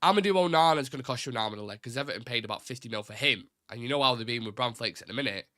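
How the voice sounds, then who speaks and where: Blunt, opinionated and swearing, this young man hosts a live fan talk show, rattling through viewer comments in the stream chat at a fast, animated clip. He comes from Salford in Greater Manchester and speaks with a Mancunian accent. The recording is dry and studio quality, his pitch medium.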